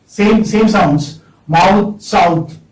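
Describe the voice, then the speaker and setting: A man's voice: high voice, very slow, darkish tone. A man with an Indian English accent lecturing a class of students, repeating words and prompting them with questioning hums. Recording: echoey classroom, distant mic.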